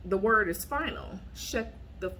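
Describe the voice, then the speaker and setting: A woman vlogger telling a dating story to her viewers in a casual, blunt and animated way, often acting out what she said in a raised voice. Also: mid-range voice, normal speed, slight background noise.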